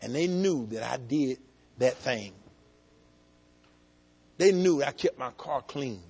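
Middle-aged preacher, husky and animated, folksy sermon with shouted peaks. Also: male voice, slow pace. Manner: preaching, swings between low asides and shouted climaxes; folksy storytelling, talks to the congregation directly. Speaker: pastor.

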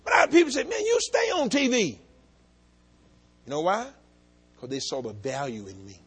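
Middle-aged preacher, husky and animated, folksy sermon with shouted peaks. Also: male voice, normal speed. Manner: preaching, swings between low asides and shouted climaxes; folksy storytelling, talks to the congregation directly. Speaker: pastor.

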